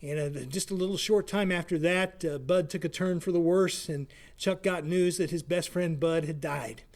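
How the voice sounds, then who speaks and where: A man's voice: on the high side, steady tone, normal speed, a little mellow. A man working as a community education manager, introducing a video series and telling a story in a friendly, folksy way with many filler words.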